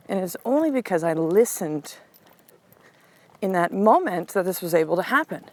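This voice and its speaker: A middle-aged woman, a podcast host and coach, telling a personal story in a candid, animated way that turns soft and slow for calm affirmations. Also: fairly low pitch, rough recording.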